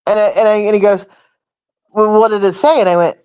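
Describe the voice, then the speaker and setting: A woman's voice: mid-range voice, fairly even intonation, a little fast, darkish tone, smooth, no room sound. A woman hosting a casual chat, telling a long rambling story and swearing freely. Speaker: host.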